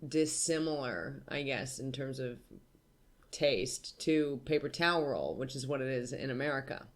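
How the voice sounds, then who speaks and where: A woman's voice: very deep voice, moderate pace. Giggly teasing woman co-host. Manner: laughs easily, teasing. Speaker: podcast co-host. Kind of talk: casual comedic chat.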